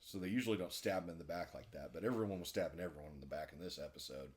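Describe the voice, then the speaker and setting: A man's voice: rumbling low, very fast. A man co-hosting a podcast, casually recapping a cartoon episode at length and laughing often. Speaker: podcast co-host.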